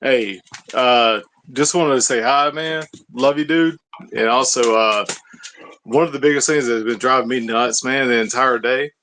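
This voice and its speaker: Loud, excited, rambling male caller. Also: medium pitch, a little slow, a little hiss or hum, low-quality recording. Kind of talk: casual call-in chat.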